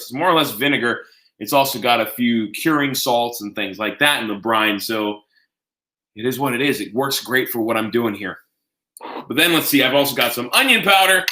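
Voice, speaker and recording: Casting: male home-cook host, bright forward voice, chatty and folksy, echoey kitchen sound. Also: medium pitch. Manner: chatty, folksy, talks to viewers directly. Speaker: home cooking show host. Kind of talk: casual live cooking demonstration.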